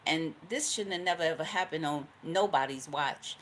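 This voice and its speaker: Woman, low voice, tarot reader, casual reading, profane, storyteller, faint background noise. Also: moderate pace, fairly bright tone. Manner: profane, storytelling, acts out quoted voices, laughs often.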